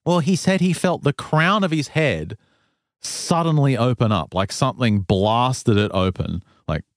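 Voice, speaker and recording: A man hosting a casual talk show, retelling a strange tale in an animated way with frequent laughs. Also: mid-range voice, measured pace, no echo. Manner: animated retelling, laughs often, loose fillers. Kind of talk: casual storytelling chat.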